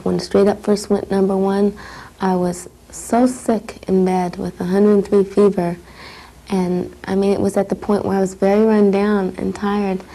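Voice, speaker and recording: A woman calmly recalling a past moment in an interview. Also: mid-range voice, a little slow, low-quality recording. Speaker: interview guest. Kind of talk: archival interview recollection.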